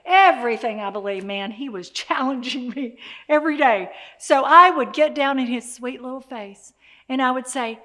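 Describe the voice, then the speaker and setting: Animated woman giving a motivational talk. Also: high voice, normal speed. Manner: animated, repeats key phrases, speaks straight to the listener. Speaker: motivational speaker.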